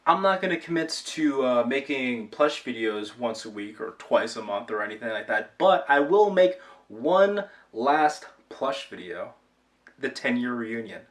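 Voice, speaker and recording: A man's voice: medium pitch, big pitch swings, a little slow, distant mic. A young man from Rhode Island chatting casually on his own channel, rambling and self-deprecating. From Rhode Island, USA. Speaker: YouTube channel owner. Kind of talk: casual vlog chat.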